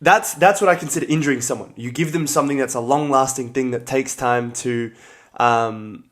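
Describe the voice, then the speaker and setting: A young man with an Australian accent talks through a casual livestream in a relaxed, chatty way. His voice sits at a middle pitch, and he laughs easily as he greets viewers between his points. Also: moderate pace. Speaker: livestream host, combat sports athlete. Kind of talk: casual livestream chat reading comments.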